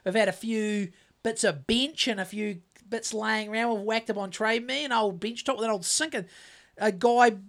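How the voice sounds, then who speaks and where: A man's voice: high-pitched, moderate pace, fairly bright tone. A man with a New Zealand accent co-hosting a podcast in casual chat, rambling and swearing, with many restarts. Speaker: podcast co-host.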